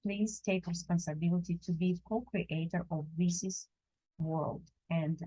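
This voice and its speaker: Slow, gentle woman teaching drawing. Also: on the low side, fairly even intonation, rough recording. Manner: slow, gentle, non-native phrasing with many pauses. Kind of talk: live drawing lesson. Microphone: camera while drawing at a table.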